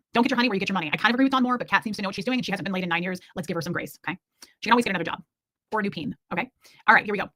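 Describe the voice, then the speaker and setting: A woman in her forties talks rapidly and frankly on her casual livestream, rambling and joking as she reads and answers viewer comments. Her medium-pitched voice is bright and forward, recorded close and dry with no room sound.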